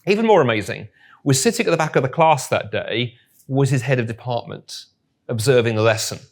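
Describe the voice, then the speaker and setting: A man's voice: mid-range voice, expressive, fairly quick. A man speaking to a live audience, telling a story with wry, humorous asides. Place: room with audience.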